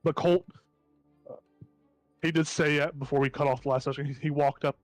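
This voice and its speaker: A man's voice: on the high side, steady tone, brisk, no room sound, soft background music. A man narrating as game master of a tabletop game, describing the scene in a loose, rambling way full of restarts.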